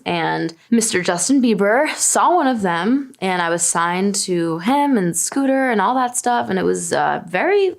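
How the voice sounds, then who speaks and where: In a casual chat, a Long Island, New York singer in her twenties answers fan search questions about herself, laughing and poking fun at herself. Her voice is mid-range and creaky.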